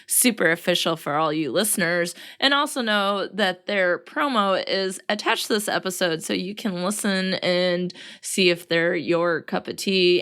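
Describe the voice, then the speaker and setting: Talking alone on her podcast, a very tired, worn-out woman keeps breaking into laughter as she chats casually. Her voice is lowish, smooth, and a bit bright.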